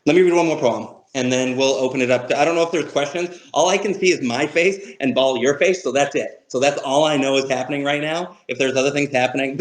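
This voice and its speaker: A man's voice: medium pitch, poor audio. A man, a poet, talks loosely on a livestream. He rambles, swears freely and makes fun of himself. It is picked up on a webcam mic. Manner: rambling, profane and self-mocking. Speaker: poet giving a reading. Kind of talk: casual livestream talk about poetry.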